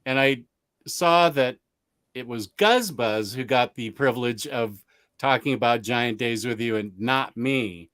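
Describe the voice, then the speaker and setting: A man's voice: mid-range voice, measured pace, fairly bright tone, dry recording, studio quality. A man hosting a casual livestream, reading out viewer comments with rambling, self-mocking asides and laughs mid-sentence. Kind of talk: casual chat.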